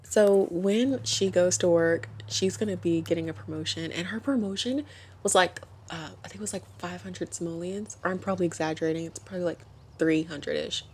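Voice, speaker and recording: A woman's voice: on the low side, fairly quick, darkish tone, a little hiss or hum. Chatty woman narrating her game. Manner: chatty, giggly, self-correcting. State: hiccups. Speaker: gaming channel host. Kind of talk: casual game commentary.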